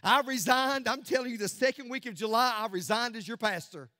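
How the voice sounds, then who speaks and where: A man preaching a sermon as pastor, swinging from loud declarations to hushed near-whispers. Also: high voice, animated, a little fast, hardly any pauses, no room sound, studio quality. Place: church sanctuary.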